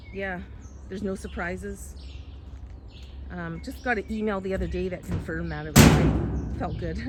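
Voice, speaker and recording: A middle-aged woman from Canada, chatting in a rambling way with many fillers while walking outdoors and filming on a handheld phone. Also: fairly low pitch. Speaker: vlogger. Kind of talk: casual chat while walking. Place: outdoors on a neighborhood road. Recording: loud outdoor background noise.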